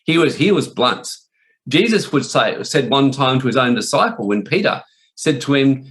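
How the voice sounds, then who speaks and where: A man's voice: mid-range voice, expressive, normal speed, a bit bright. Blunt, profane man preaching. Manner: blunt, profane, rambling with restarts. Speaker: spiritual warfare teacher. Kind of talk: informal preaching talk.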